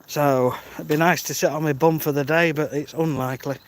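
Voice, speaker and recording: A man's voice: fairly high pitch, fairly even intonation, a little fast, slight background noise. A man in his thirties chatting casually on a live stream while walking outdoors, greeting viewers by name. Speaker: vlogger on a live-streamed walk. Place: outdoors on a village road at dawn, walking. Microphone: phone held while walking.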